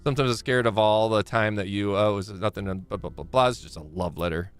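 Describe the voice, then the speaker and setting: A man streaming a game live, chatting to himself and haltingly reading letters aloud with frequent fillers and restarts. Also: fairly low pitch, fairly even intonation, faint music behind. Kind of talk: live gameplay commentary.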